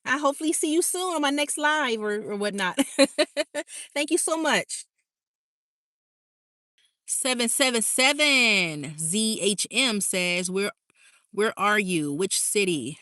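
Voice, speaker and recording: A woman's voice: a little high, animated, slow, pauses often, pushed and bright, no echo, clean studio sound. A woman hosting a casual livestream, reading out viewer comments in a bubbly, chatty way and laughing often. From California. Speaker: livestream host.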